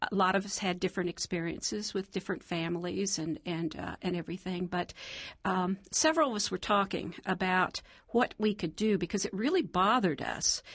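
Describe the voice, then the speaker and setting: A woman from Southeast Ohio, a guest on a radio show, telling her story in a chatty, animated way and quoting the people she met. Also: medium pitch, dry recording. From Southeast Ohio, USA. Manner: chatty, animated retelling with quoted dialogue and laughs.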